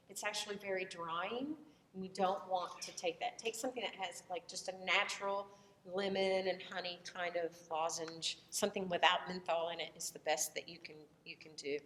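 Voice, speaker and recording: A woman with a Southern American accent, a voice teacher lecturing in a relaxed, conversational way with frequent fillers and restarts. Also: lowish voice, a little hiss or hum. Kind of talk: recorded lecture. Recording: echoey room, voice from far off the mic.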